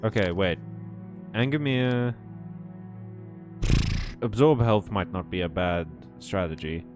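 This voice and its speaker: A man with a low voice chats casually over his gameplay. He jokes, laughs often and swears now and then. Faint game music plays behind him. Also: slow. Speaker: game streamer.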